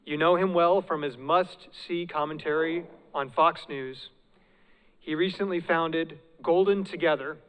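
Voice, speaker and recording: A man serving as event host, giving a formal, measured scripted introduction for a speaker. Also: on the high side, clear, resonant tone. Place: large hall with a live audience. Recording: long hall reverb.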